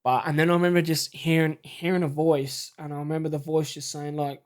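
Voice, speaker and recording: An Australian man telling a personal story in a halting, stammering, shaken way. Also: fairly high pitch, level tone, clear, resonant tone. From South Australia. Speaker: vlogger.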